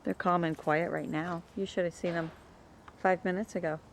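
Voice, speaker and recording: A woman talking casually about her dogs in her yard, chatting away and calling to them in a high sing-song. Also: fairly even intonation, normal speed, a little hiss or hum. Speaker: dog breeder. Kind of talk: casual home video narration.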